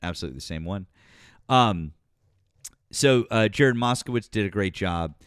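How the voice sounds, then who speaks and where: A man's voice: lowish voice, animated, moderate pace, a bit bright, no room sound, studio quality. A man hosting a casual politics livestream, rambling, swearing now and then, and thanking viewers from the chat. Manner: rambling, swears, many fillers, reads chat aloud.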